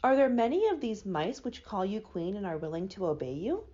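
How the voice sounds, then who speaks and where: A cheerful scarecrow man stuffed with straw, eager and quick to speak, his voice bouncing up and down, as a woman reads him in a storybook. The recording sounds a little dull and lo-fi. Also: medium pitch, sing-song, dark tone, lightly acted. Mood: planning.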